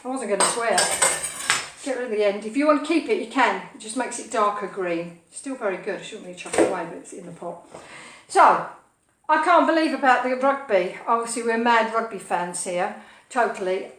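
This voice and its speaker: As she cooks in her home kitchen, a woman hosting a casual live stream chats playfully with her audience, adding sing-song asides in true cooking show fashion. Her fairly high, animated voice runs a little fast. The audio is roomy and distant, with a noisy background.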